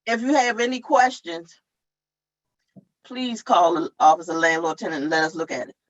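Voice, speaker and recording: A woman's voice: fairly low pitch, normal speed, muffled recording. A woman at an online town hall, explaining tenant law step by step in a plain, repetitive way. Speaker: tenant advocate.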